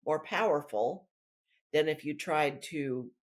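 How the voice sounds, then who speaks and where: Speaking slowly in a low voice, a female author guest chats loosely and at length about her work during a relaxed interview.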